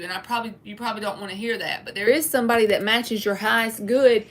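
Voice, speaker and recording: A woman talks through a live tarot reading in a candid, folksy way. Her voice sits a little high, with a faint hiss behind it. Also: bright, forceful tone. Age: 30s. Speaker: tarot reader.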